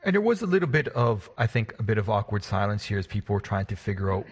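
A man's voice: fairly low pitch, very animated, fast, slightly rough. A man who is the game master, recapping a tabletop session in a casual, rambling, self-deprecating way.

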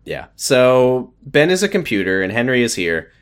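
This man co-hosts a laid-back TV recap in an ordinary male register. His pitch swings widely as he walks through scenes, quoting the characters and adding deadpan jokes. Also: moderate pace, clean tone. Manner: animated storyteller, quotes characters with dry jokes. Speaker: podcast co-host. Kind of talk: casual chat recapping a TV show.

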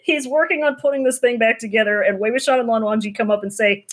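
High-voiced woman with wry asides. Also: quick pace, few pauses. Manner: wry, joking asides, laughs often. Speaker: podcast co-host. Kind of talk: casual chat recapping a novel.

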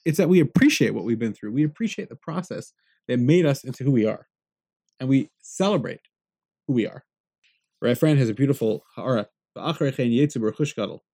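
A man with a gravelly, fry-laden voice gives a lively Torah lecture. His pitch sits in a middle range but leaps high when he hammers home a point. He weaves Hebrew phrases into plain English explanation. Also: fairly quick. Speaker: Torah teacher.

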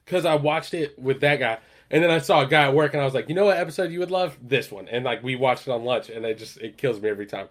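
A man's voice: medium pitch, fairly even intonation, quick pace, few pauses. Rambling man retelling a sitcom episode. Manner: rambling, lots of fillers, acts out quoted lines louder. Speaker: podcast co-host. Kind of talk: casual chat, retelling a TV episode.

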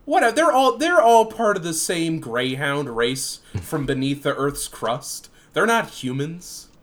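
A man's voice: fairly high pitch, big pitch swings, unhurried. Profane, joking male podcast co-host. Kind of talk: casual chat.

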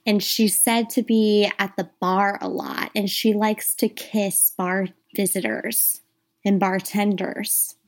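A woman's voice: mid-range voice, level tone, slow. Chatty woman telling ghost stories. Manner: chatty, addresses listeners as "you guys". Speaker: podcast co-host. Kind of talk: casual ghost-story chat.

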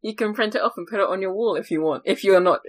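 A woman's voice: mid-range voice, quick pace. Woman host, chatty and teasing, giggles a lot. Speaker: podcast host. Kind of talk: casual podcast banter.

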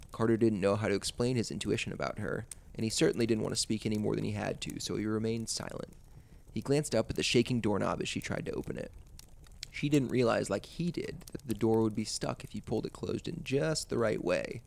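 A man hosting a podcast, narrating a suspenseful story in a measured way. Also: lowish voice, creaky.

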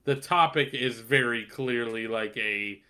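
A man's voice: mid-range voice, a little slow, bright, forceful tone. A young man co-hosting a podcast, chatting in a laid-back way with casual swearing. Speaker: podcast co-host. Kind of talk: casual chat.

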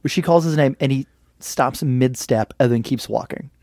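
A man co-hosting a casual podcast, animated and laughing often as he acts out scenes. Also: medium pitch, normal speed, no room sound, studio quality. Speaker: podcast co-host. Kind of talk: casual chat.

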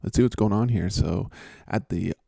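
A man's voice: on the low side, moderate pace, gravelly, warm tone, no room sound. A man hosting a casual chat, joking and rambling with a teasing manner. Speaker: host.

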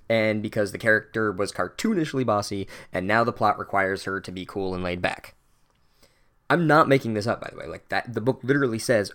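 A man's voice: fairly low pitch, brisk, a bit bright. Sarcastic man ranting about a book. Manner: sarcastic, exasperated, profane. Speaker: book reviewer. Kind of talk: comedic book recap monologue.

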